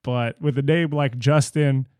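A man's voice: medium pitch, steady tone, measured pace, dark tone, smooth, dry recording, clean studio sound. A man co-hosting a casual music review chat, who hedges and restarts his sentences often. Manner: hedging, stammering restarts. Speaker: podcast co-host.

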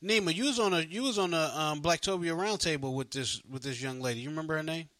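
A man's voice: on the high side, fast, fairly bright tone, no echo. Laid-back slangy man hosting. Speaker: host. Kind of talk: casual radio show chat.

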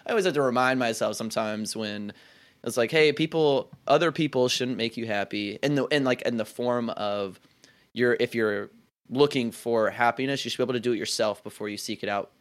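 A man's voice: medium pitch, fairly quick. A young man in his twenties talking in a casual conversation, reflective and rambling, full of "like" and restarts.

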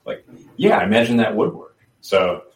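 Low guy rambling on a podcast, lots of restarts, sounds far off in a roomy space. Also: very animated, normal speed, background noise. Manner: rambling, many restarts and fillers. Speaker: podcast guest. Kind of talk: casual chat. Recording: roomy, distant from the mic.

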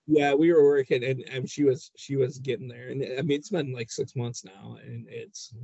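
A man's voice: medium pitch, fairly even intonation, moderate pace, gravelly, mellow, breathy edge, no echo, highs cut off. A middle-aged man as a podcast guest in a casual chat, laid-back and hesitant, often repeating words. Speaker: guest, city commissioner.

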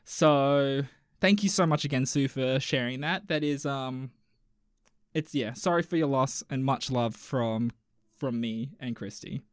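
A man in his thirties co-hosting a podcast in casual, joking chat, swinging between loud bursts and mumbles. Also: medium pitch, measured pace, clean tone, no room sound, studio quality. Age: 30s. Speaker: podcast co-host.

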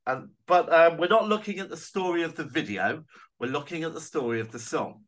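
A man co-hosting a casual comedy podcast, talking in an animated, teasing way and laughing often. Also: a little high, a little fast. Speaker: podcast co-host.

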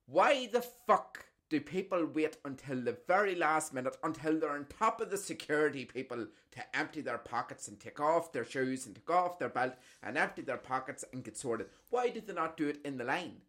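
A man hosting a podcast and telling animated stories, full of swearing. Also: fairly high pitch. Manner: animated, profane storytelling. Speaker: podcast host. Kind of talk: casual chat.

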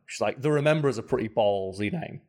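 A man co-hosting a podcast in casual chat, animated and quick, with loose restarts. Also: lowish voice. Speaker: podcast co-host.

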